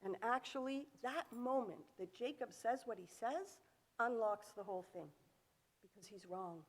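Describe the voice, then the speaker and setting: A woman's voice: a little high, measured pace. A woman giving a sermon in a synagogue sanctuary, telling a story with vivid acted-out quotes and rhetorical questions. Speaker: sermon speaker. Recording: echoey hall.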